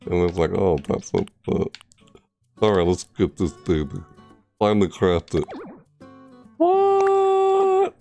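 A man streaming a game, chatting casually and rambling with jokes, sometimes breaking into loud high squeals. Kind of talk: casual gameplay commentary.

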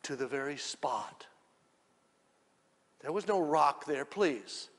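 A man preaching a sermon, telling the story dramatically and swinging from hushed lines to shouts. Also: fairly high pitch, expressive, slow pace, in a large hall.

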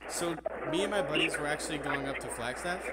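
A young man with a fairly high voice talks breathlessly, rambling and cursing between nervous laughs. He paces around the house with his phone on speaker while he chats to his viewers. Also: quick pace, heavy background noise. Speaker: prank caller and video host. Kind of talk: casual phone prank chat. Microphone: phone on speaker held while walking.

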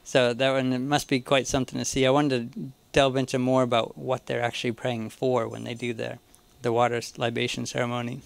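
A man giving an informal Bible teaching at a church, talking in a halting way with many restarts. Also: medium pitch, flat delivery, gravelly, dry recording. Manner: halting, restarts often, chuckles to himself.

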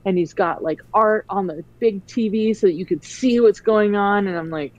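A woman guest in a casual chat, telling stories in a rambling, animated way. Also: medium pitch, normal speed, dry recording, lo-fi sound.

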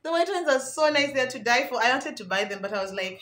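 A young woman talks through a home shopping vlog in a chatty, self-mocking way. Her voice sits a little high and rings bright and clear. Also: animated, fast talker. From Kenya. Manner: chatty, laughs at herself. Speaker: vlogger. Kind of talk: casual vlog chat.

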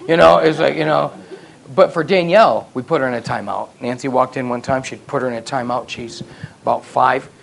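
A middle-aged man preaching a sermon as pastor, telling family stories with self-deprecating humor and building to loud, emphatic peaks. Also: medium pitch, brisk, vocal fry, a little hiss or hum. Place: church sanctuary.

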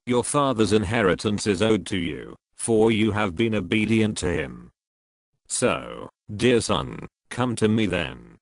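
Man voicing almighty father figure, solemn, measured, lowish voice, dry sound. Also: animated, vocal fry, no room sound, full character voice. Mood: welcoming. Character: almighty God the Father, calling a son home.

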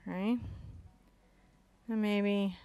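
A woman teaching an acrylic painting lesson, chatty and excitable, often bursting into giggly enthusiasm. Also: medium pitch, very slow, clean tone. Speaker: art instructor.

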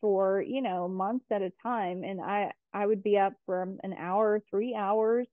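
A woman talks as a guest in a relaxed interview, rambling a little with plenty of fillers and restarts. Her voice comes through a thin, phone-like line with no room echo, and her pitch is average. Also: unhurried. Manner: chatty, lots of fillers and restarts. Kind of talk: casual conversational interview.

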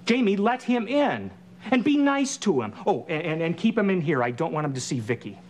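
A flustered sitcom dad. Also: male voice, fairly high pitch, sing-song, brisk. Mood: exasperated. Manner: exasperated, stammering. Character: flustered suburban dad, man, middle-aged. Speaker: sitcom father. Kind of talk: 1980s sitcom acting. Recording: hissy old TV recording.

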